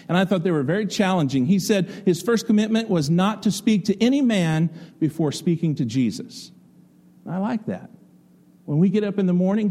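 A middle-aged pastor preaching a conversational, folksy sermon full of stories and rhetorical questions. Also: male voice, high-pitched, mellow.

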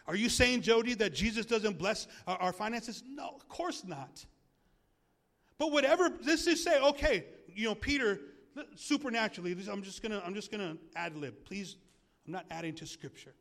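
A male pastor preaching a sermon in a church, animated and jokey, asking the congregation questions. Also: high-pitched, moderate pace, gravelly.

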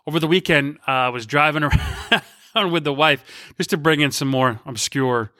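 A man hosting a podcast, talking casually and wandering off into tangents. His voice is bright and forward, with a playful streak. The sound is dry and close, with no room around it. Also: on the high side, moderate pace, dry recording. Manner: rambling, goes off on tangents; playful, shifts into silly voices. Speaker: podcast host.

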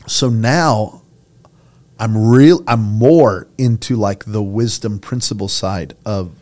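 A man's voice: lowish voice, slow pace, darkish tone. A middle-aged man, a senior pastor, talking earnestly and passionately in a conversational interview. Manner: earnest, impassioned storytelling, gets choked up.

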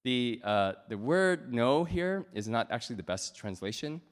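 A man in his thirties delivers a sermon in a spacious hall, his words trailing off into long reverb. His storytelling is animated and playful, with a lively, wide-ranging pitch. He moves between loud, excited stretches and quieter, softer ones. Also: normal speed. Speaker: pastor.

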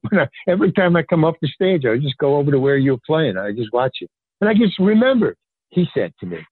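There's a breathy edge to this older man's voice as he tells a casual, rambling anecdote as a podcast guest. He animates the quoted dialogue with pitch jumps, uses lots of fillers and restarts sentences, over tinny phone-line audio that is dry with no echo.

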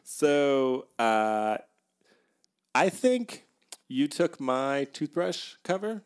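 A man's voice: mid-range voice, sing-song, extremely slow, clear, resonant tone. A man co-hosting a casual podcast from his kitchen table, telling wry, rambling stories. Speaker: podcast co-host. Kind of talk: casual chat.

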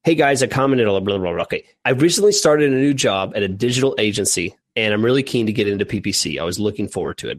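A man's voice: mid-range voice, no echo. A man from Texas co-hosting a casual Q&A podcast, reading a listener email aloud with joking asides. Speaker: podcast co-host.

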